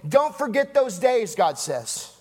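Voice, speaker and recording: A man's voice: very high-pitched, big pitch swings, takes it slowly, slightly rough, faint music behind. A man preaching a sermon, emphatic and repetitive, with rhetorical asides and dramatic drops in voice. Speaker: pastor. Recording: long hall reverb.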